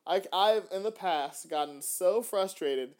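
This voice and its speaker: A man hosting a faith-based podcast, talking in an animated way with frequent restarts. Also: sits high, measured pace. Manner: animated, acts out little dialogues, frequent restarts. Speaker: podcast host.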